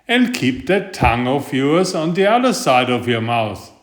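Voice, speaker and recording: A man's voice: medium pitch, sing-song, unhurried. A man putting on a greedy, whining talking sweet tooth. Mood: demanding. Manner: pushy, whiny, demanding. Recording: roomy echo.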